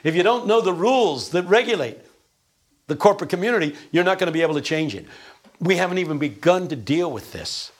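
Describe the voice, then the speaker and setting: A man's voice: high-pitched, fairly quick. A man lecturing a class, telling stories and acting out quotes with energy. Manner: animated, storytelling with acted-out quotes.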